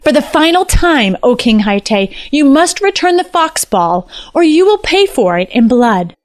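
A woman's voice: a little high, animated, moderate pace, no echo, close to an everyday voice. A woman voicing a brave, honest young male fox in a fantasy story, speaking formally and politely. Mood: solemn. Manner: formal, courteous speech.

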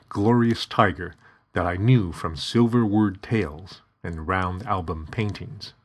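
Male narrator, low and husky, reading steadily. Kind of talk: scripted narration.

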